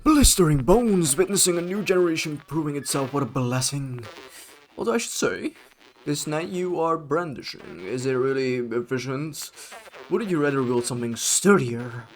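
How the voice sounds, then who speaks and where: A man voicing a boisterous, hearty old weapon enthusiast, reading game dialogue loudly and emphatically. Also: lively intonation, moderate pace, rough recording. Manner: loud, booming, emphatic.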